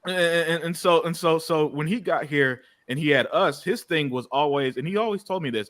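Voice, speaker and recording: Casual podcast host, a man in his thirties: a bit high, very dry recording, stammers and restarts constantly. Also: moderate pace, few pauses, no echo. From United States. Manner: animated, stammers and repeats words, swears freely.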